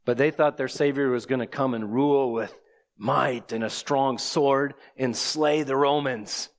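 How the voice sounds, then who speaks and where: A man's voice: medium pitch, steady tone, a little slow. A man preaching an expository sermon, explaining scripture and asking the listeners rhetorical questions.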